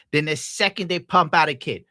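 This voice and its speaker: A man's voice: a little high, pushed and bright, no echo. Crude ranting streamer guy, dry mic. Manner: crude, sarcastic, laughs through his own jokes. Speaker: streamer reacting to clips. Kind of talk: casual profane rant.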